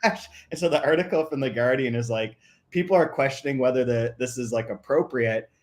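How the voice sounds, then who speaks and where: A man's voice: medium pitch, brisk, a little hiss or hum. A man co-hosting a podcast in casual chat, reading quotes aloud and often laughing mid-sentence. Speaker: podcast co-host.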